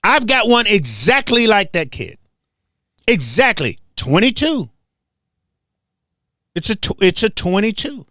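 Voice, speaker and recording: A man's voice: sits high, big pitch swings, a little slow, pauses often, bright, forceful tone, no echo, studio quality. A man from Memphis hosting a heated commentary monologue, confrontational and emphatic, hammering points home by repeating them. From Memphis, southern US. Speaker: host.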